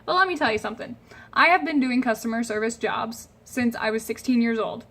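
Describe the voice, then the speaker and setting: Vlogger, woman in her 20s, fairly high voice, earnest and emphatic, speaking straight to camera. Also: a little fast, fairly bright tone. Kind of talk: casual advice monologue to camera.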